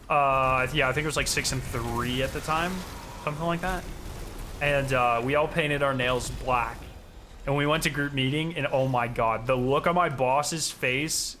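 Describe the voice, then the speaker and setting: A man on a live stream with a crisp, bright voice that sits a little high for a man. He rambles in loose, profane chat and speaks directly to his viewers. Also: slight background noise. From Southern United States.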